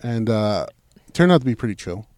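A man's voice: fairly low pitch, very animated, moderate pace, darkish tone. A man co-hosting a crude podcast from a parked car at night, telling a story loosely and with lots of swearing. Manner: loose, profane storytelling with acted-out quotes. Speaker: podcast co-host. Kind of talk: crude casual chat.

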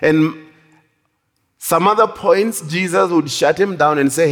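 Male preacher, high voice, slow and emphatic, sermon in a reverberant hall. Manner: animated, drawn-out emphatic delivery. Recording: long reverb of a large hall.

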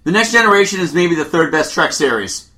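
High, animated man hosting a podcast. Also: fairly quick. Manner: sardonic, opinionated. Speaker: podcast host. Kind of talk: casual chat, reading listener opinions.

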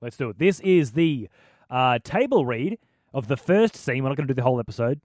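A man's voice: mid-range voice, sing-song, darkish tone, dry recording, clean studio sound. A man co-hosting a podcast in casual, comedic chat, playful and bossy. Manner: playful, bossy, quick to laugh. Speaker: podcast co-host.

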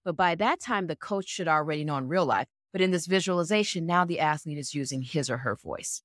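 A woman with a notably low voice explains how she trains athletes' minds. She is animated and plays out each scenario step by step. The sound is dry and close. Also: fast, no echo. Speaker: mental performance coach. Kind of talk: explanatory interview answers.

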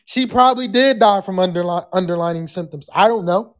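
A podcast host chatting live with callers and the chat, loud and profane, sometimes breaking into screams. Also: medium pitch, brisk.

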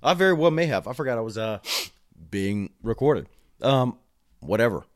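A man's voice: medium pitch, animated. Profane, frustrated man ranting at a camera. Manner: profane, frustrated, loud outbursts and rapid asides. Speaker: home health nurse venting on camera. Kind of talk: angry ranting vlog. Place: at home, talking to a camera.

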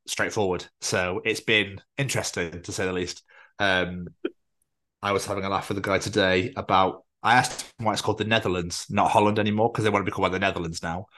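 A man's voice: sits low, a little fast. Chatty, sweary male podcast co-host. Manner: chatty, sweary, animated storytelling. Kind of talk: casual chat.

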